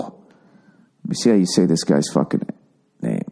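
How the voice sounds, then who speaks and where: A man's voice: deep voice, slow pace, vocal fry, pauses often, dark tone. A man, hosting a podcast in a casual, profane, self-mocking rambling monologue. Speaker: podcast host.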